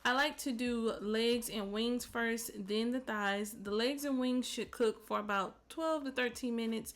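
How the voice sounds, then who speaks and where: Sassy, chatty woman host, fairly high voice. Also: steady tone, measured pace, fairly bright tone. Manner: sassy, chatty, sprinkles "baby", "child" and "y'all"; playful, teasing asides. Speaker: cooking channel host. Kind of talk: casual cooking tutorial voice-over.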